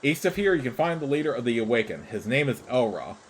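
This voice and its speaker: A man's voice: mid-range voice, very animated, slight background noise, natural voice, rough recording. A man reading out a sly, scheming creature spy. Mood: persuasive. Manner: persuasive, measured, formal.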